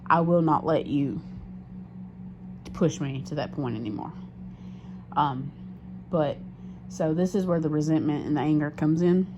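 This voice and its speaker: A woman's voice: deep voice, measured pace, long pauses. A woman talking candidly in a casual confessional diary vlog, rambling with fillers and restarts and swearing freely. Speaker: diary vlogger. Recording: muffled lo-fi sound with steady background noise.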